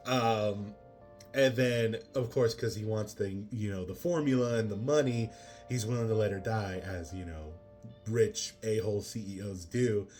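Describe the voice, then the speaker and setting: A man's voice: on the low side, measured pace, a little mellow, soft background music. A man giving a casual spoken movie review, rambling with many fillers and exasperated asides.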